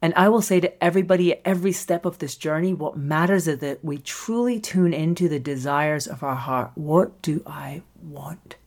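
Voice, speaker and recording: This is a woman hosting her own podcast and coaching listeners on their creative work. She speaks in a slightly low voice and keeps it lively, laughing easily and slipping into the voices of the people she quotes. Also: fairly quick, hardly any pauses. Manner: animated, acts out quoted voices, laughs often. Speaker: podcast host and screenwriting coach. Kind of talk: solo podcast monologue.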